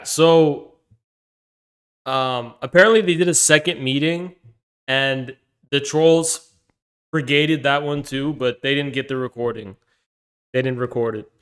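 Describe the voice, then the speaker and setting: A man's voice: mid-range voice, a bit bright, clear, resonant tone. A man chatting casually on a stream, swearing a lot and breaking into helpless laughter. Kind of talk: casual live-stream chat.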